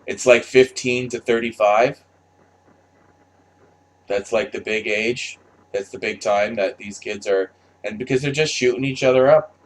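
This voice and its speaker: Here the same commentator talks a bit slowly in his mid-range voice, stopping often. He gives a blunt, off-the-cuff rant packed with profanity, repeatedly starting his sentences over as he rambles.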